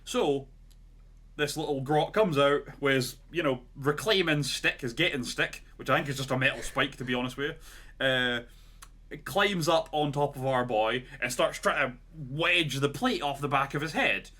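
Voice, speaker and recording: A male podcast co-host spins a long story in loose, casual chat, rambling and leaning on fillers like "like" and "right?". His voice is bright and forceful, mid-pitched, at a moderate pace.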